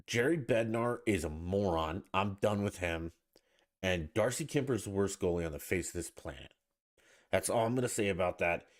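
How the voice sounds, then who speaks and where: Alone on his own podcast, a host with a low-pitched voice and moderate pace delivers a casual rant that is blunt, irritated and full of profanity.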